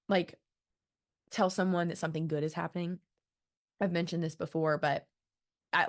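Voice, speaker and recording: A woman in her thirties hosts her own podcast in a casual solo monologue. Her voice sits a little low, and she sounds eager and sincere, talking warmly and freely to her audience. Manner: enthusiastic, earnest and chatty. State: emotional, close to tears. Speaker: podcast host.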